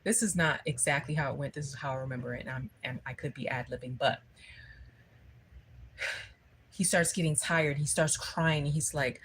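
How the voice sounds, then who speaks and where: A woman's voice: deep voice, moderate pace, long pauses, fairly bright tone, slight background noise, low-quality recording. A woman giving a spiritual livestream talk, telling a story conversationally and often checking in with her listeners. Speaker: spiritual speaker.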